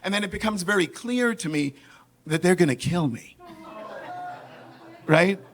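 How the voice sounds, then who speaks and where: Speaking a little slowly in a high voice, a New York-accented man from New York tells the audience a comic story about himself, animated throughout, asking "right?" again and again and playing the people in it with lively voices.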